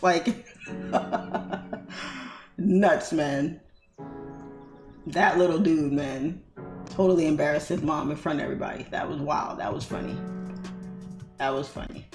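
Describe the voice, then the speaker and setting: A woman's voice: low-pitched, measured pace, long pauses. A woman hosting a trading livestream who chats casually and laughs often, using loose slangy talk. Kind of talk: casual chat while trading. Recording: roomy sound with faint music.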